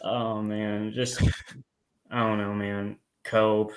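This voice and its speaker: A man's voice: lowish voice, flat delivery, takes it slowly. A man speaking as a stream guest in casual chat, joking and giggling.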